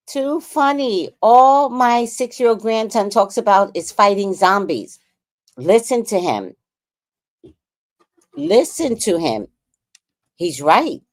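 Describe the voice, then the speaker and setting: Slow, lively grandmother storyteller. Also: on the high side. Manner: blunt, profane, storytelling. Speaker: livestream host. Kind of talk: casual livestream chat.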